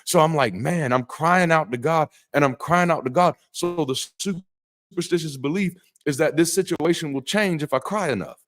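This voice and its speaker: A man who used to be a pastor, hosting a live call-in stream and talking to the chat with animated emphasis, preacherly phrasing, blunt slang, casual swearing and frequent restarts. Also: fairly high pitch, moderate pace. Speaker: host of a live call-in show, former pastor. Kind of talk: livestream monologue to chat.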